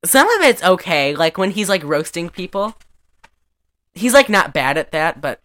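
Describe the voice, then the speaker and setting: Speaking at a normal speed, this podcast co-host has a fairly low but slightly bright voice and is very animated. She's a young woman chatting casually, and her movie recap wanders, full of "like" fillers and performed lines from the film.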